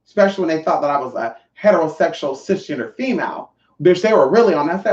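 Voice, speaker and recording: A woman's voice: low voice, expressive, fast talker, few pauses, darkish tone. Sassy, profane trans woman vlogger. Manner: sassy, profane, calls the viewers honey and y'all. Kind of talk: casual storytelling to viewers. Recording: echoey, distant, dull sound.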